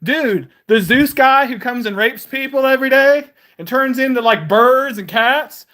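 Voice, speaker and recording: A man hosting a live stream, ranting in a heated, defiant way, laughing often and breaking into shouts, with lots of "man" and "dude". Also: very high voice, measured pace. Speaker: livestream host.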